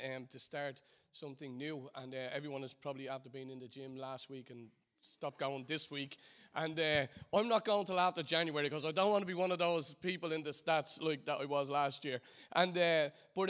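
A man with a lilt preaches and prays to his church, his fairly high voice dropping low and soft in prayer and climbing loud in excited asides. He tells his story loosely, with plenty of ums and restarts. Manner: storytelling with fillers and restarts, swings between hushed and loud. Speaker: church leader. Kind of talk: sermon and prayer.

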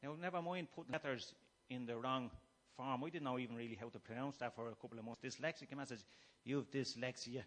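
A middle-aged Irish man giving a humorous personal testimony to a gathering, shifting between quiet musing and loud, acted-out shouting. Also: mid-range voice, fast talker. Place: room before a live gathering.

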